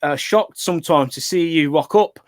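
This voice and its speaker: A man's voice: a little high, normal speed, no room sound. Chatty man host, dry close sound. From West Midlands. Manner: chatty, asks rambling questions. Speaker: interviewer, channel host. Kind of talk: casual interview.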